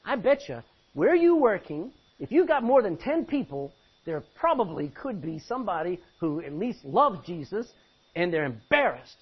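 Male pastor, animated sermon delivery, high and husky voice, lo-fi recording. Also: normal speed. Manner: animated, exhorting, rhetorical questions. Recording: muffled lo-fi recording.

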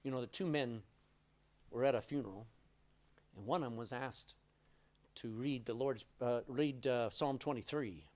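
A middle-aged pastor tells stories in his sermon, shifting his voice to act out the quoted lines. He speaks at a moderate pace with a medium, slightly mellow pitch, leaving long pauses.

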